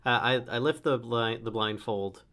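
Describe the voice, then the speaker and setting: A man playing a tabletop role-playing game, declaring his character's actions in a halting way with many uhs. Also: mid-range voice, bright, forceful tone. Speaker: player. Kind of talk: casual tabletop game play.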